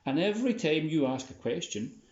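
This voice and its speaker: A man's voice: fairly high pitch, expressive, fairly quick, darkish tone. A man teaching a punctuation lesson in a chatty, upbeat way with playful asides. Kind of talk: casual classroom video lesson. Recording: roomy, slightly dull sound.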